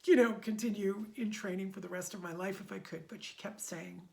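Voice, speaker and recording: A middle-aged woman tells her community what her teaching work has meant to her. She speaks with deep, heartfelt emotion and often sounds close to tears. Her voice has a gravelly, creaky edge and sits at an ordinary pitch for a woman. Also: a little fast, dark tone. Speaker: meditation method instructor. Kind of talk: personal testimony to a community.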